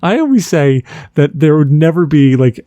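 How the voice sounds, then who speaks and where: A man hosting a casual podcast chat, telling jokey stories in an animated way. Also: on the high side, normal speed, dry recording. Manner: animated, joking storyteller. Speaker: podcast host.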